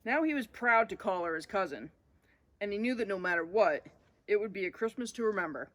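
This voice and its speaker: A woman reading a children's storybook aloud in an expressive way, as the show's host. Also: mid-range voice, a little fast.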